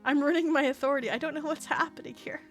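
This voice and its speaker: A woman streaming a game with her chat, talking casually, excitable and quick to swear and laugh. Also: sits high, faint music behind.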